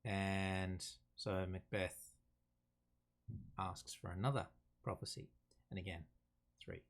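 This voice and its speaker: A man's voice: deep voice, level tone, takes it slowly, pauses often. A man, explaining a play to students in a casual way and reading quotes aloud between his explanations. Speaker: teacher.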